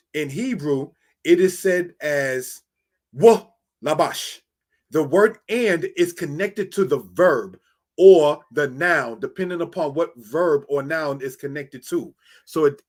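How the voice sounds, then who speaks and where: A man teaching Bible Hebrew in a slow, repetitive way, often asking "all right?" and calling listeners brothers and sisters. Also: fairly high pitch. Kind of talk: screen-share Hebrew lesson.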